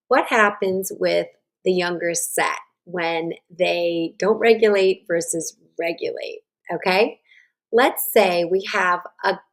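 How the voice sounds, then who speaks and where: A woman teaching self-regulation and guiding a slow breathing exercise, with a gentle, instructive manner. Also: fairly low pitch, gravelly. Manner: gentle, instructive, checks in with "right?". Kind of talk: guided breathing lesson. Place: online summit stream.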